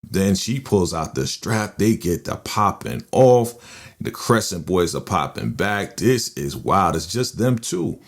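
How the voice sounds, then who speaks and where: Deep-voiced man animatedly recapping a show. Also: gravelly. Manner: animated retelling, quoting characters with quick voice shifts and laughs. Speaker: TV recap host. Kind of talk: casual episode recap. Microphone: podcast microphone.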